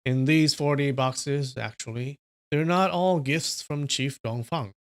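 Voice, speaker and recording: A man reading a wuxia novel aloud on a livestream, voicing a smooth male envoy from a rival sect in low, soft, ingratiating tones. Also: measured pace, close to an everyday voice.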